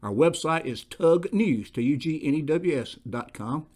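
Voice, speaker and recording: A man with a Southern US accent, a former police investigator hosting a show and telling wry, folksy stories at an unhurried pace. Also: fairly high pitch, expressive, a little mellow. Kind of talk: folksy storytelling.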